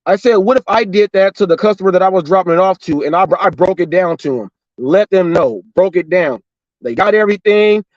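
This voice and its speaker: A middle-aged delivery driver and show host from Los Angeles and Orange County speaks in a high voice in a casual storytelling monologue. He animatedly repeats himself while acting out quoted dialogue, on a dry recording with the highs cut off.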